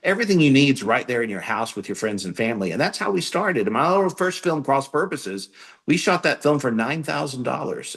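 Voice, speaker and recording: A man being interviewed as a filmmaker, speaking earnestly and encouragingly. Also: mid-range voice. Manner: earnest, encouraging, plain-spoken. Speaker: filmmaker guest. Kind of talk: interview answers.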